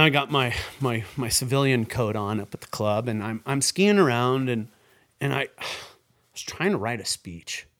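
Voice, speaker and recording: A man, a ski club employee, telling a personal story in a rambling, animated way and acting out the quoted voices. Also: mid-range voice. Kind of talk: casual storytelling.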